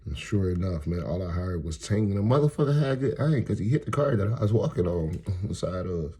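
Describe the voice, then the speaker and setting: Man, stand-up comic, very deep, mellow, animated, profane, chuckling. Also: brisk, slightly rough. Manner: profane, rambling, laughs at his own jokes. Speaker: stand-up comedian. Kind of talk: freestyle stand-up storytelling.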